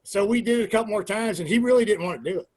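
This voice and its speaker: A man in his forties, a former pro wrestler, telling profane, animated stories in an interview and acting out quoted dialogue. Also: sits high, very fast, no echo. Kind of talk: casual storytelling interview.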